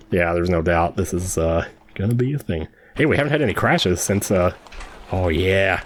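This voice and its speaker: A man's voice: low-pitched, animated, moderate pace, slight background noise. A man chatting casually and joking while playing through a game for the first time. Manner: chatty, joking, reacts with laughs. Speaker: game streamer. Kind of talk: casual blind playthrough commentary.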